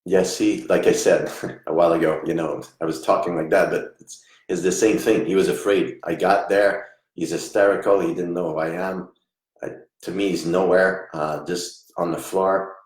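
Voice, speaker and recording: A man working as a psychic medium during a live reading, talking in a soft, halting way and murmuring reassurances. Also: deep voice, steady tone, reverberant.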